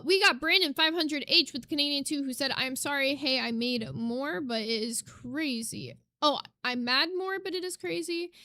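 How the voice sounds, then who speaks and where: Bright, high-voiced woman streamer. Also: dry recording. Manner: chatty, reads chat aloud. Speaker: streamer reacting to clips. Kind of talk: casual livestream commentary.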